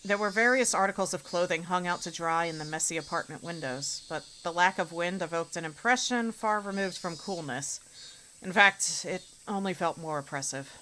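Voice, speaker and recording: A woman streamer reading a visual novel aloud, keeping the narration even and breaking into casual, expressive asides. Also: lowish voice, normal speed, slight background noise.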